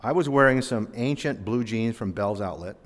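A man delivers a sermon in an ordinary mid-range voice, mixing animated, self-deprecating anecdote with scripture. His words ring out with the long reverb of a large church hall. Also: medium pitch, moderate pace, slight background noise. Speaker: preacher. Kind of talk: sermon with personal storytelling.

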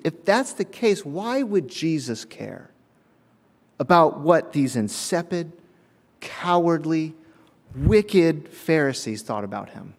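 Man preaching a sermon; animated storyteller with a lively, high-leaning voice; reverberant hall. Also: takes it slowly, gravelly. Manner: animated storytelling, acts out voices, laughs often.

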